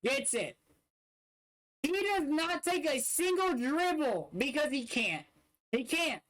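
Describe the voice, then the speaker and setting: High-voiced young man arguing bluntly. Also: lively intonation, slow pace, a bit bright. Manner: blunt, dismissive, profane arguing. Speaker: streamer reacting to game footage. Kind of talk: casual livestream commentary.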